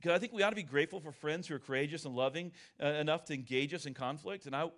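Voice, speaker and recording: A man's voice: on the high side, a bit bright. A middle-aged man and pastor preaching a sermon in a candid, conversational storytelling way.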